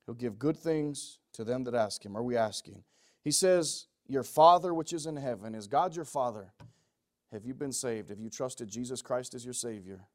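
A man preaching a sermon, moving from quiet, pleading passages to loud, shouted ones. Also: medium pitch, moderate pace.

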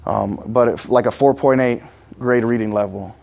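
A man's voice: medium pitch, normal speed, vocal fry, a little mellow. Conversational preacher man quizzing his congregation. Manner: conversational, asks the congregation questions; emphatic, repeats key points. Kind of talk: sermon.

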